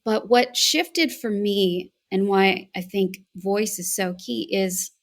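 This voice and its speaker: American woman, animated voice coach. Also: medium pitch, slow pace. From United States. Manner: animated, reflective storytelling. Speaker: voice and accent coach, guest. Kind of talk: conversational interview answer.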